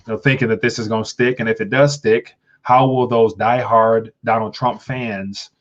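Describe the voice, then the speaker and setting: A man's voice: lowish voice, steady tone, moderate pace, muffled recording. A man hosting a casual livestream, talking in a rambling way with frequent restarts and stumbles. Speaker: livestream host.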